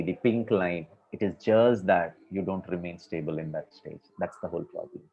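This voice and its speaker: A man giving a conversational spiritual discourse to a class, using many fillers. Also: deep voice. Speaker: spiritual speaker. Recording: dull lo-fi recording.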